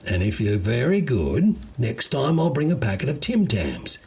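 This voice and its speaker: A man's voice: medium pitch, very animated, moderate pace, vocal fry, darkish tone, husky, pitched above the performer's own voice, heavily acted. A man voicing an easygoing, unflappable Australian gardener with a drawling, slangy way of talking. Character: laid-back Australian gardener, unflappable bloke.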